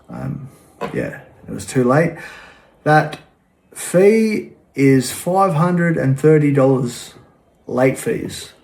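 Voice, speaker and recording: A man's voice: mid-range voice, creaky, darkish tone. Casting: man, plain-spoken and frank, casual delivery with many ums. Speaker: vlogger. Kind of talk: casual talk to camera.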